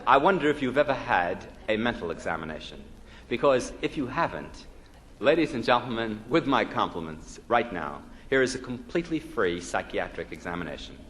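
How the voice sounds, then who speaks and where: A man's voice: lowish voice, very animated, normal speed, fairly bright tone. A man from the United States lectures on psychology with a comedian's timing, his voice rising and falling freely as he tells jokes and quizzes the audience. It sounds like a 1961 live LP, with a long hall reverb and a faint hiss underneath. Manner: joke-telling, quizzing the audience with rhetorical questions.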